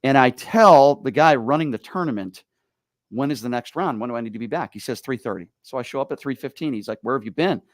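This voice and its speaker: A man hosting a talk radio show, telling stories in an animated, exasperated way. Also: mid-range voice, fast talker, no room sound, studio quality. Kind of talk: casual talk radio chat.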